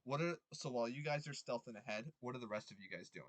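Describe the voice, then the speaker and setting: A young man running a tabletop game as game master, rambling with many ums and quick apologies. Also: mid-range voice, lively intonation, dry recording.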